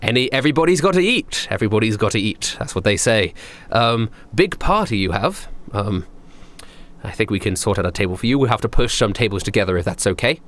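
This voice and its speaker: A man's voice: lowish voice, lively intonation, a little fast, a bit bright. A man voicing a polite, slightly condescending male maître d' at a fancy restaurant. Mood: prim. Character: fussy, snooty male maître d'.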